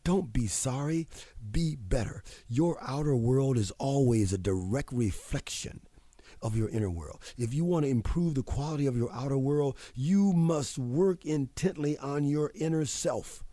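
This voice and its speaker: A man's voice: medium pitch, lively intonation, unhurried, warm tone, no room sound. A man hosting a show, giving a motivational talk in an emphatic, preachy way and repeating phrases for effect. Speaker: radio show host.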